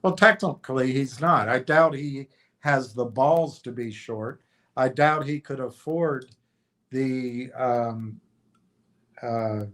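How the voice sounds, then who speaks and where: A man hosting a livestream in a casual chat, reading out viewer comments with many fillers and trailing pauses. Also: medium pitch. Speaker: livestream host.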